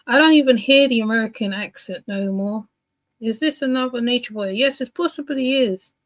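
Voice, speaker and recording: A woman's voice: on the high side, moderate pace, no echo, poor audio. Chatty woman with a dry close voice. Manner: rambling, chatty, many fillers and restarts. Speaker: commentator reacting to a clip. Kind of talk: casual reaction commentary.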